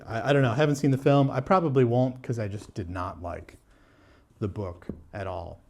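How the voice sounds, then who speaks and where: A man's voice: mid-range voice, normal speed, gravelly. Blunt, chatty man reviewing books. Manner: candid and blunt, frequent fillers and restarts, wry laughs. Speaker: book vlogger. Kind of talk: casual book review talk.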